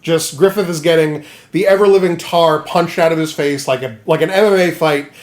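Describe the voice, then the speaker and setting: Animated, joking male podcast host. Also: a little high, fairly quick. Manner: animated storytelling, slips into goofy voices. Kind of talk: comedic casual chat.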